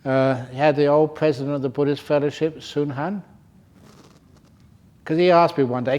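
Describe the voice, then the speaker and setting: A man's voice: on the high side, fairly even intonation, moderate pace, pauses often, darkish tone, dull audio. An older man giving a humorous Dharma talk at a meditation retreat, telling stories and chuckling often. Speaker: meditation teacher. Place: retreat centre hall.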